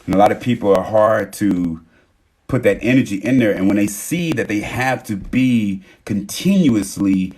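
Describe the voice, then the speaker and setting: A young man talking casually on a live stream, rambling and emphatic as he acts out what others say. His voice has a husky, slightly rough edge. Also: lowish voice, animated, moderate pace, darkish tone. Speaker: TikTok live host.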